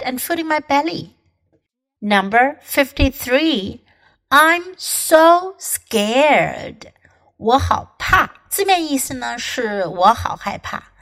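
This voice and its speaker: A woman English teacher reading short English phrases with Chinese explanations and acting out example dialogues. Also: fairly high pitch. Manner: slow, careful, expressive, acting out example lines. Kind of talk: language lesson with acted example dialogues.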